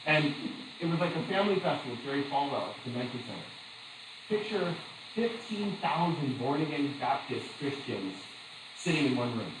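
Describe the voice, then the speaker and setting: A man's voice: mid-range voice, moderate pace, noisy background. Chatty man lecturing in an echoey room. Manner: chatty, animated storytelling with laughs and asides. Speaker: teacher. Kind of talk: classroom lecture with anecdotes.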